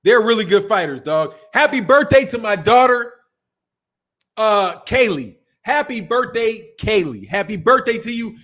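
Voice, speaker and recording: A middle-aged man from Chicago runs a boxing live stream with a high-pitched voice. He talks loose and slangy and laughs often. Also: lively intonation, unhurried, a bit bright. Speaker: boxing channel host. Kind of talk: casual live stream chat.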